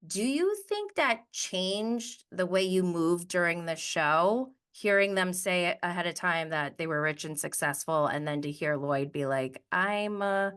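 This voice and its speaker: A woman's voice: on the low side, a little slow, few pauses, fairly bright tone, clear, resonant tone. A young woman hosting a podcast, asking eager, chatty questions and joking about herself. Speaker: podcast host. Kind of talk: casual interview chat.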